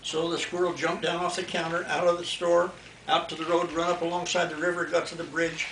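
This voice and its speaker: A man's voice: a little high, level tone, brisk, fairly bright tone, a little hiss or hum. Older man, grandfather, folksy bedtime storytelling, echoey room, distant mic.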